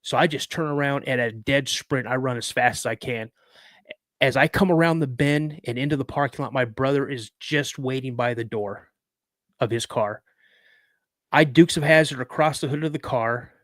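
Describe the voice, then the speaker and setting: A man's voice: mid-range voice, moderate pace, no room sound, studio quality. A man in his fifties telling a personal story as a podcast guest, in a vivid, dramatic way. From United States. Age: 50s.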